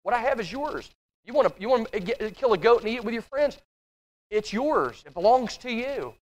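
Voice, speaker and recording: A man's voice: very high voice, animated, normal speed. A man teaching a Bible study class in a church, reading scripture and explaining it in a conversational way, often repeating and restarting words.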